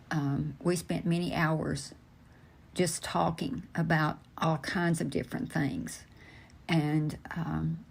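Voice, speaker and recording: An older man tells a story from his past at an unhurried pace, often stopping on ums and uhs. His recollection is earnest and plainspoken. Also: fairly high pitch, gravelly. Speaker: storyteller recounting family memories. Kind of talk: slow personal recollection.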